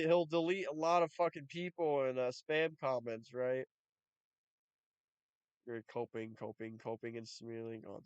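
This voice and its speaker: A man's voice: mid-range voice, clear, resonant tone, no echo, muffled recording. A man giving reaction commentary, talking in a profane, mocking and exasperated way. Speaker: YouTube commentator.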